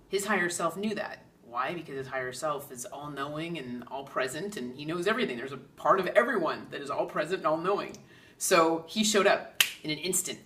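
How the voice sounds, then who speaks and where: A woman's voice: low-pitched, a bit bright, far from the mic. A woman speaking as a medium, telling stories in a casual monologue and acting out quoted dialogue in a raised voice.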